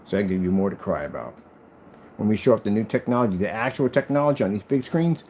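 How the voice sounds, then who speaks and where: A man's voice: on the low side, fast, creaky, a little mellow, a little hiss or hum. A man who makes projector screens, talking in a boastful, taunting vlog rant aimed at his critics.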